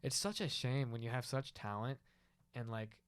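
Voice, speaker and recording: Laid-back, smooth-voiced podcast co-host. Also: male voice, mid-range voice. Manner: laid-back, measured, short affirmations. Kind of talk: casual podcast chat.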